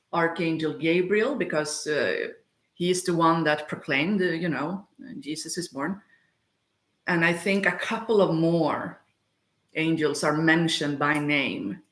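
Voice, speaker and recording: Woman on a kitchen livestream, slow rambly chat, lowish voice. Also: a bit bright. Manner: slow, rambling, chatty, wanders off topic. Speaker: spiritual medium livestreaming. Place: home kitchen. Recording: echoey room sound.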